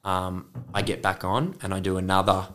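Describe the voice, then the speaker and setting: Aussie guy with a really low voice, earnest reflective podcast chat. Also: flat delivery, normal speed, a bit bright. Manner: earnest, reflective, says "mate". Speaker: podcast co-host. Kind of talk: casual chat.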